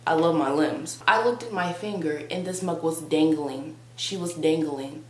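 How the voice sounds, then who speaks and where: A woman's voice: low voice, normal speed. A young woman vlogger telling a comic story in a dramatic, sarcastic, exaggerated way. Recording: roomy with faint hum.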